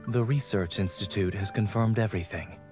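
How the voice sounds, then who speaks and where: A man voicing a calm, reserved young male doctor in game dialogue, with dry, measured delivery. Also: on the low side, lightly acted. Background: game music.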